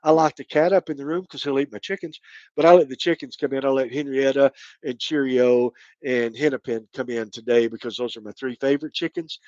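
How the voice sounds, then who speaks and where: A man's voice: mid-range voice, fairly even intonation, fairly quick, darkish tone, no echo, highs cut off. Rambling Kentucky-born man on a live chat. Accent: light Kentucky. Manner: rambling, folksy, thanks viewers by name. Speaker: channel host. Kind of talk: casual live stream chat.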